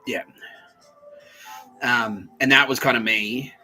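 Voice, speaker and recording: A man with a very bright, forceful voice rambles through a comic monologue. He laughs often and slips into the voices of the people he quotes. Faint music sits behind him. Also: medium pitch, steady tone, slow, low-quality recording. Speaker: podcast host.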